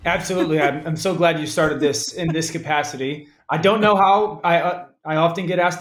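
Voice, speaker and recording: A man in his thirties, a football analyst as guest, talking in a lively casual way with frequent restarts. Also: on the high side, a little fast, hardly any pauses, roomy sound, faint music behind. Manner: animated, restarts often. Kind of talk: casual interview talk.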